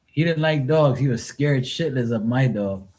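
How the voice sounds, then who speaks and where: A man's voice: medium pitch, moderate pace, a little mellow. Rambling, profane male livestreamer. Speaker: live tarot reader. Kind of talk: casual livestream chat.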